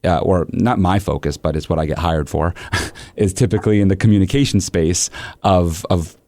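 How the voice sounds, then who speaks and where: Low-voiced man hosting a podcast. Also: normal speed, no room sound. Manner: animated storytelling with acted-out quotes. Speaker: podcast host and coach. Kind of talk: conversational interview.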